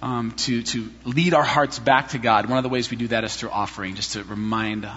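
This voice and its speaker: A man preaching a sermon in a church, telling personal stories in an animated, self-deprecating way. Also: medium pitch, brisk, husky. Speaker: pastor. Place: church sanctuary. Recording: reverberant hall, slightly dull sound.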